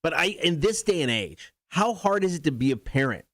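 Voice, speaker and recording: A man's voice: a little high, sing-song, fairly quick, a bit bright. A man co-hosting a morning radio show, easygoing, reading out listener messages and giving the call-in number. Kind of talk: casual morning radio banter. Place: radio studio.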